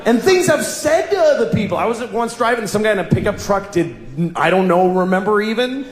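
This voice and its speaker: A middle-aged man with a high, expressive, brisk voice performs stand-up comedy before a live audience, spinning rambling, self-deprecating stories. The recording has the roomy sound of a live venue, with crowd noise around him.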